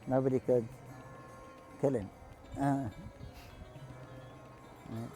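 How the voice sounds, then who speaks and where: A man casually telling devotional stories to a group, halting often with restarts, coughs and throat clearing. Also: medium pitch, steady tone, warm tone, faint music behind, rough recording. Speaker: storyteller speaking to pilgrims.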